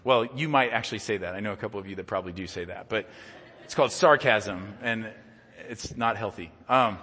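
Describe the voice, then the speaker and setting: A man's voice: mid-range voice, lively intonation, normal speed, a bit bright, breathy edge. Earnest male pastor in a reverberant church. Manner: earnest, conversational preaching with frequent word repeats. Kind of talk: sermon. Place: church sanctuary.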